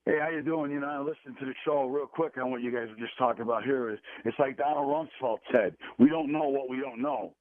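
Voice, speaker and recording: A man's voice: mid-range voice, brisk, few pauses, a little hiss or hum. A man calling in to a sports radio show, ranting in a frustrated, emphatic, repetitive way. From Chicago. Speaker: caller. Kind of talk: call-in rant on sports radio. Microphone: phone. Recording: tinny phone line.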